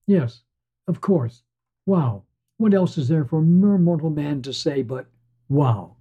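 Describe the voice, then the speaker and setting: A man's voice: on the high side, expressive, slow pace, mellow, breathy edge, heavily acted. A man voicing a weary, wistful male professor in a read-aloud story, speaking with a rueful sigh. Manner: sighing, rueful. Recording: dull lo-fi sound.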